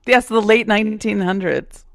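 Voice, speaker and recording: A woman's voice: medium pitch, moderate pace, vocal fry, slight background noise. A woman hosting a podcast interview in a casual, playful, teasing way. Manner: playful, teasing, laughs often. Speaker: podcast host.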